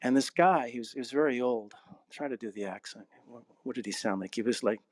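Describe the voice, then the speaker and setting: A man who is an actor, narrator and acting coach, talking reflectively in an interview and telling stories with a laugh, slowing down on key phrases. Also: mid-range voice, darkish tone, no echo. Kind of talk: casual interview conversation.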